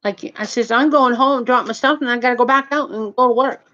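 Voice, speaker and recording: A woman's voice: a little high, a little fast, pushed and bright. Indignant rambling woman, lo-fi audio. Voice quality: heavy swearing, nonstandard grammar. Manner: indignant, rambling with restarts and "you know what I mean". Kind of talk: casual storytelling rant. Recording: dull lo-fi audio.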